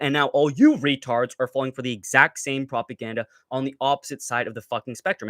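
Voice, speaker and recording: A man's voice: fairly high pitch, fairly bright tone, dry recording, studio quality. A young man hosting a livestream, ranting with heated, profane, mocking commentary. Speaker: livestream host.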